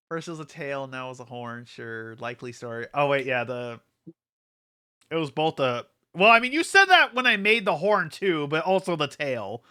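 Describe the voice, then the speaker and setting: Male streamer, bright crisp voice, rambly filler-heavy chatter, a bit wired. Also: fairly high pitch, very animated, moderate pace. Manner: rambling with many fillers, laughs often. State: hyper from an energy drink. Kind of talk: casual livestream chat.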